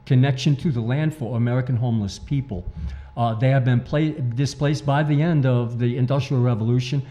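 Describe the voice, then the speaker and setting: A man's voice: mid-range voice, steady tone, brisk, warm tone, muffled recording. A man appearing as an author and activist guest, talking earnestly and emphatically and repeating his main points. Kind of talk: interview talk.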